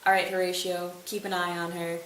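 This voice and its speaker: A woman's voice: lowish voice, completely flat delivery, a little fast, a bit bright, close to an everyday voice. A woman voicing a smug, scheming king in an offhand, casual way. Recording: roomy, distant mic, faint hiss.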